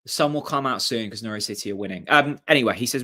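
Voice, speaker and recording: A young man from talks through a live football match for his viewers. He chats and reacts excitedly, drops in the odd swear word, and speaks in an ordinary mid-range voice. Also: medium pitch, quick pace, few pauses. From Norfolk, England. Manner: chatty, excitable, swears casually. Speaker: host of a fan channel watchalong. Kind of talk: casual live commentary and chat with viewers.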